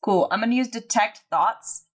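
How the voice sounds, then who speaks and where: A woman playing a tabletop role-playing game, chatting in an eager, excitable way and swearing casually. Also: on the high side, moderate pace, breathy edge. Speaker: player.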